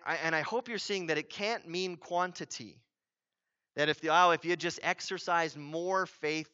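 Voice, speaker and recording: A male pastor preaches emphatically, asking rhetorical questions and repeating key phrases as he swings from loud urgency to a low hush. The recording has its highs cut off.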